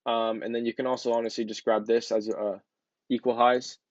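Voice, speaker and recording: A trading educator talks viewers through charts in a relaxed, chatty screen-share, going a little fast in a middle-pitched voice and dropping lots of ums and "honestly"s. The audio is muffled and lo-fi, with a close, dry sound and no room echo.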